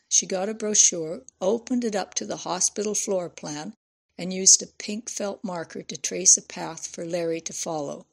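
A woman narrating an audiobook in a steady, measured way. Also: lowish voice, gravelly.

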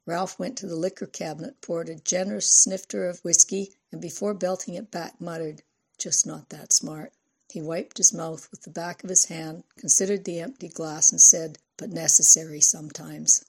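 A woman reads a novel aloud in an even, steady storytelling manner. Her voice is fairly low and has a husky, breathy grain. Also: moderate pace, few pauses. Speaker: audiobook narrator. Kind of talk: scripted narration.

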